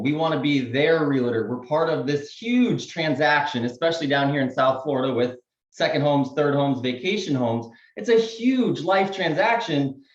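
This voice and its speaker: A man, a real estate agent on a panel, giving casual sales tips and acting out phone calls in quick voices. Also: on the high side, echoey room, lo-fi sound.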